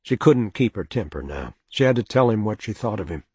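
A man narrating an audiobook in measured, even storytelling. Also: lowish voice, breathy edge, no room sound. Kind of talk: scripted narration.

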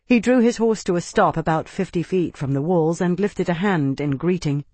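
Audiobook narrator, steady even delivery, mid-pitched voice, dry close sound with no room. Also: moderate pace, no room sound. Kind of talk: scripted narration.

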